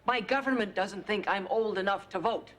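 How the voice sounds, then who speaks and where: In a noisy sitcom recording with studio audience laughter, an actress plays a brash, outspoken, sardonic woman journalist in her mid-40s, speechifying defiantly. Her voice is mid-range and natural, at a moderate pace.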